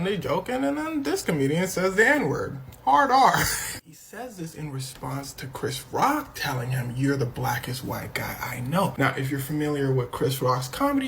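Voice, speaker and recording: A man giving animated storytelling commentary, switching into quoted voices and dropping to whispers. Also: fairly high pitch, slight background noise.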